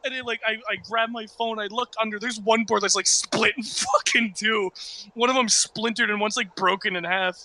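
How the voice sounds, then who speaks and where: A young man telling childhood stories in casual chat, animated, laughing and swearing often. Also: sits high, moderate pace, poor audio.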